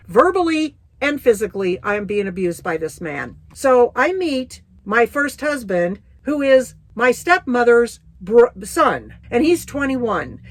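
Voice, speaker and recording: A woman's voice: a little high, no echo. Blunt, folksy middle-aged woman storyteller. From United States. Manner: vivid, folksy and blunt, with colloquial turns. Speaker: Christian testimony speaker. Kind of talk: personal testimony storytelling.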